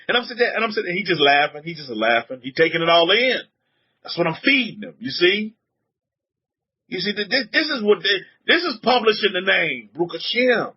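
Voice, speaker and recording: A man preaching a sermon to a congregation, animated, repeating words and putting questions to the room, on a dull lo-fi recording. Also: high voice, fairly quick, slightly rough. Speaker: rabbi teaching a congregation.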